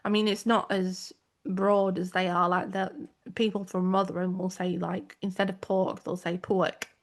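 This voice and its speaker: Gravelly South Yorkshire woman chatting. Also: medium pitch, little pitch movement, moderate pace. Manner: chatty, wandering into tangents. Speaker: podcast co-host. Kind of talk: casual chat.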